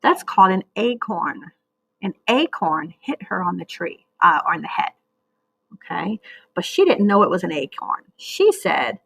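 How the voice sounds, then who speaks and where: Patient woman teacher, husky voice. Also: lowish voice, animated, fairly bright tone, no echo, poor audio. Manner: slow, patient, sounds out words. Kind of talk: recorded reading lesson for young children.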